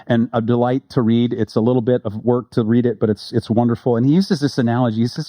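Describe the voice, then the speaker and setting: Mellow-voiced man preaching casually. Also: medium pitch, fairly even intonation, no echo. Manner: conversational and joking, reads quotes slowly with emphasis. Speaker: pastor. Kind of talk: sermon.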